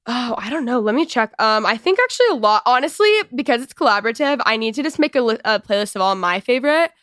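A young woman from Texas hosts a chatty podcast, bubbly and rambling. Her voice sits fairly high. The sound is close and dry. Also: expressive, quick pace, fairly bright tone, no echo. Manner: bubbly, rambling, lots of "oh my gosh" and "like". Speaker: podcast host. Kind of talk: casual podcast chat.

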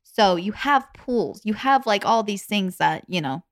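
A young woman from Arizona co-hosting a casual podcast, relaxed and agreeable, with quick reactions. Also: mid-range voice, no echo, clean studio sound. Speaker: podcast co-host. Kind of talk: casual chat.

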